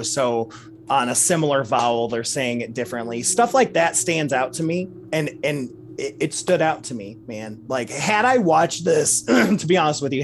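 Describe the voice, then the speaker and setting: A man co-hosting a podcast interview, enthusiastic and laughing often as he praises his guests. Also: mid-range voice. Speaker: podcast co-host. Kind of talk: casual interview chat.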